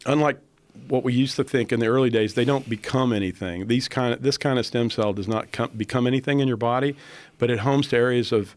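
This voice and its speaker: A man, a doctor, explaining a medical treatment in a steady, explanatory way. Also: medium pitch, dry recording. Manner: explanatory, with fillers and restarts. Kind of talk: explaining to a host.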